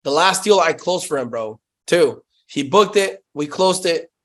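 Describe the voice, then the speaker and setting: Hyped, swearing salesman, high voice. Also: animated, a little slow, a bit bright. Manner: profane, hyped storytelling, lots of "bro". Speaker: guest, sales company founder. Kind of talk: casual podcast interview.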